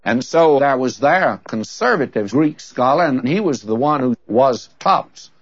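A man with a medium-pitched voice and lively intonation, speaking a little slowly with no echo, teaches from the Bible in a conversational sermon. He tells folksy stories and poses rhetorical questions, captured in a dull, dry lo-fi recording.

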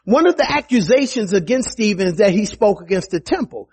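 A man preaching a sermon in a conversational way, with asides to his listeners and a voice that climbs high for emphasis. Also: fairly quick, breathy edge. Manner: animated, rises high for emphasis and quoted voices; conversational, with restarts and asides to the congregation.

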